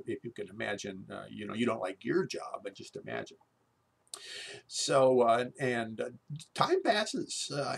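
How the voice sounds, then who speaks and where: A middle-aged man recounts a personal story in a loose, rambling way, circling back with asides. His voice is gravelly and slightly husky. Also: lowish voice. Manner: rambling, conversational, full of asides and fillers.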